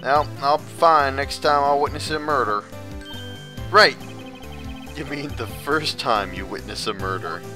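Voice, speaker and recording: A man voicing a brash country woman photographer with a put-on Southern US accent and a loud, folksy drawl. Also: mid-range voice, a little slow, pauses often, music in the background, lightly acted.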